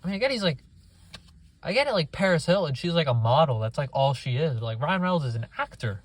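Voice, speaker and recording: A man's voice: on the high side, big pitch swings, quick pace. A young man giving a profane, exasperated movie review rant, often mocking people in put-on voices.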